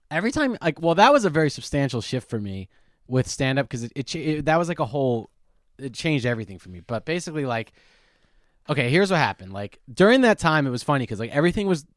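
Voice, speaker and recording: A man's voice: medium pitch, very animated, dry recording, studio quality. A young man, a stand-up comedian, telling a story in casual podcast chat, rambling with many restarts. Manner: rambling, restarts a lot, talks fast.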